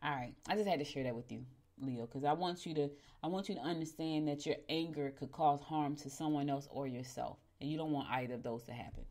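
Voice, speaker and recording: A middle-aged woman hosting a morning show. She tells stories casually, often calls her listeners "y'all," and her voice jumps suddenly in pitch and loudness. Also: fast. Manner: chatty, addresses listeners as "y'all". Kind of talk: casual storytelling and horoscope reading.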